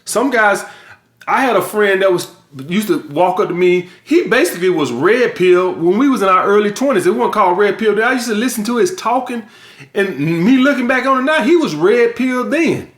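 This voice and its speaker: A man's voice: high-pitched, lively intonation, moderate pace, a bit bright, echoey room. A middle-aged man hosting a vlog, lecturing his viewers bluntly with heavy swearing and emphatic delivery. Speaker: vlog host. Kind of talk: blunt casual monologue.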